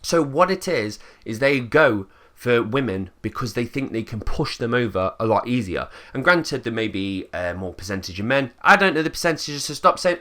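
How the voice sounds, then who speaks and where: A channel host with an English accent and a mid-range, sing-song, pushed and bright voice rants bluntly at a moderate pace in a casual monologue. He swears freely and acts out quotes in put-on voices.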